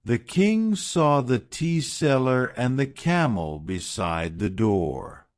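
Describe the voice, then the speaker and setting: A man narrating a graded reader story in a slow, clear, deliberate way. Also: mid-range voice, lively intonation.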